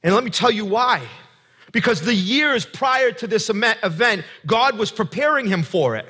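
A man's voice: high voice, animated, moderate pace, sharp tone, slightly rough. A man preaching a sermon as pastor, earnest and conversational, putting direct questions to the congregation.

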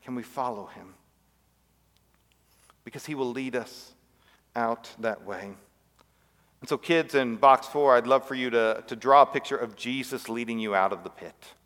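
Man preaching with a hushed, echoing delivery. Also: mid-range voice, normal speed. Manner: storytelling, dropping to a hush on key words. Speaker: pastor. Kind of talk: sermon. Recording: long reverb.

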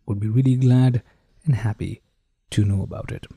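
A man hosting a podcast and testing microphones close up, with a showy manner that keeps addressing the ladies and gentlemen. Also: on the low side, fairly even intonation, normal speed, creaky, breathy edge, no room sound. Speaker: podcast host. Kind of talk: casual microphone review talk. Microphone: handheld dynamic mic held close.

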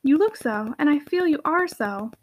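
A woman voicing an earnest, devoted young woman in a storybook reading, speaking in a soft, eager, questioning way. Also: high-pitched, expressive, moderate pace. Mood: tender.

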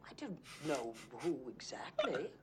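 A calm, composed woman. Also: sits low, a little slow. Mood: patient. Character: calm, patient woman answering an agitated man. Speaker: film character. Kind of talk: film drama scene. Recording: noisy film soundtrack.

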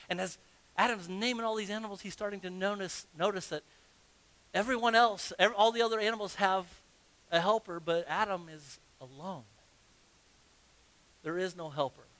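A man's voice: high voice, pushed and bright. A man preaching a sermon as pastor, reading scripture aloud and acting out the story with humor. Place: church sanctuary.

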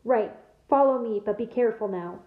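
A woman reading aloud, voicing a big, blunt male gamekeeper who talks in a rough dialect. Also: fairly high pitch, fairly quick, lightly acted. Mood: gruff. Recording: echoey room, tinny phone-like sound.

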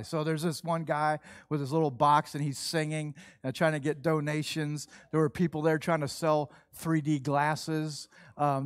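A middle-aged man preaching a sermon, telling a lively personal story and acting out what people said. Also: on the high side, no room sound, studio quality. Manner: animated storytelling, acts out quoted voices. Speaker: pastor.

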